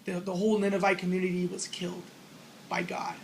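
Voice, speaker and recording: A man's voice: high-pitched, monotone, a little fast, vocal fry, a little hiss or hum, poor audio. A man giving a casual spoken lecture on religion, rambling as he explains and acting out the lines he quotes.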